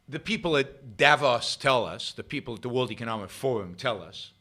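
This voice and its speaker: A man's voice: mid-range voice, expressive, normal speed, hardly any pauses, fairly bright tone. A man hosting his own show, delivering an argumentative solo commentary to a live audience and hammering points home by repeating phrases. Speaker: show host. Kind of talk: solo political commentary livestream.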